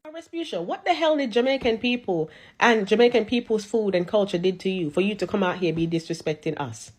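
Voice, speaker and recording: A woman's voice: medium pitch, darkish tone. A woman ranting to camera, mocking her critics in streetwise slang.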